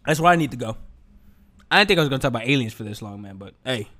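A man's voice: medium pitch, very fast. A young man hosting a podcast, talking in a casual, joking monologue full of slang and swearing. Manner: animated, joking, slangy and profane. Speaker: podcast host.

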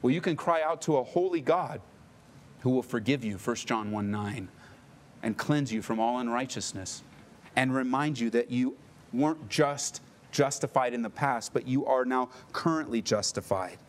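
A man's voice: medium pitch, normal speed. A middle-aged male pastor preaching a sermon with emphatic delivery and playful asides.

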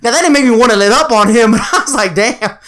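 Bright-voiced man telling a laughing story. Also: extremely high pitch, fast. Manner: laughs through his stories, profane and animated. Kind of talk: casual storytelling chat.

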